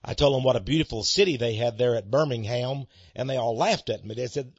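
A man's voice: mid-range voice, a little fast, hardly any pauses, husky, no echo. A man with a Texas accent hosting a radio talk show, folksy and emphatic like a preacher, heard on a dull lo-fi broadcast. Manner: folksy, emphatic preacher-like delivery with dramatic rises. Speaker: radio ministry host.

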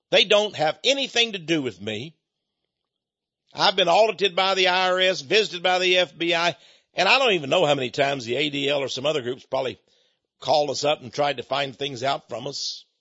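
An older man hosts a radio ministry show in a chatty, folksy monologue, stumbling over restarts and chuckling to himself. His voice sits slightly high and swings widely in pitch, with a husky edge. The audio is dull and lo-fi. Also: expressive, moderate pace, sharp tone.

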